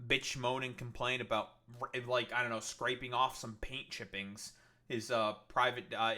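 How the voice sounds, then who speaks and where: A man reacts to a news video with sarcastic, scornful stream commentary, swearing heavily. His medium-pitched voice is bright and forceful, and his rant is packed with fillers and frequent restarts.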